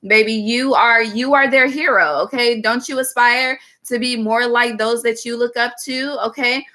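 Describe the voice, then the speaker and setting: A woman's voice: on the high side, fairly even intonation, normal speed, sharp tone. A woman giving a chatty, frank tarot reading, calling listeners "baby" and tagging nearly every line with "okay". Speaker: tarot reader. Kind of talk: casual tarot reading monologue.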